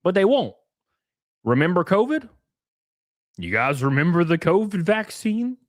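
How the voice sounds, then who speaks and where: A high-voiced man runs a live stream full of profane, animated ranting, reading viewers' chat aloud as he goes. The recording is dry and of studio quality.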